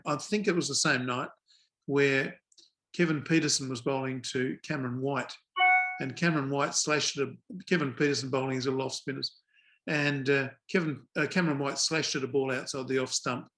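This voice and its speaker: A man's voice: medium pitch, steady tone, moderate pace, a bit bright. An older man, a former umpire telling wry anecdotes as a guest in a casual interview.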